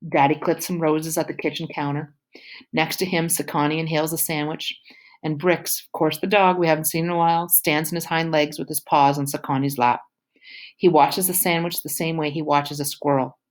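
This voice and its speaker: A woman reads a novel aloud in the first person, casual and youthful in tone. Her voice sits low. The telling is steady audiobook narration. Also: brisk.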